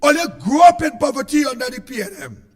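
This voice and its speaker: A man with a Trinidadian accent giving an impassioned political speech, shouting in a repetitive, sing-song way. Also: very high-pitched, animated, fast, in a large hall, faint music behind. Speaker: political speaker.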